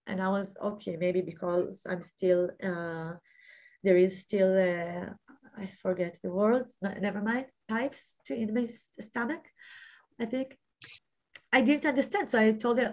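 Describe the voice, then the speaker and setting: In a mid-range, slightly mellow voice, a guest recounts nearly dying. Her testimony comes out in halting bursts full of fillers as she searches for words, growing louder to emphasize important phrases.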